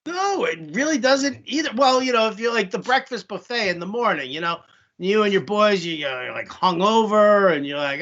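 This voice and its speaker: A man's voice: sits high, animated, moderate pace, a bit bright, dull audio. A man co-hosting a podcast, chatting casually in a rambling, joking way full of fillers. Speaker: podcast co-host. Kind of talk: casual banter.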